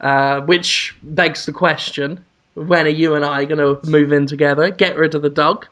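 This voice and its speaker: A man's voice: on the high side, fairly even intonation, normal speed, a bit bright. A man from the United Kingdom co-hosting a podcast, telling a rambling story in a wry, casual way. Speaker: podcast co-host. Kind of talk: casual chat.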